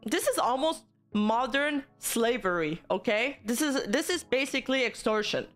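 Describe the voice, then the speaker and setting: A woman's voice: on the high side, expressive, a bit bright, faint music behind. A woman VTuber streamer talking to her chat live, heated and swearing as she rants. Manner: heated, swearing, talks fast in bursts. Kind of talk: live stream commentary rant.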